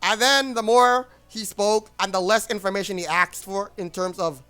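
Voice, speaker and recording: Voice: mid-range voice, steady tone, moderate pace, sharp tone, clear, resonant tone. A streamer in a casual livestream rant, rambling and blunt, with frequent swearing.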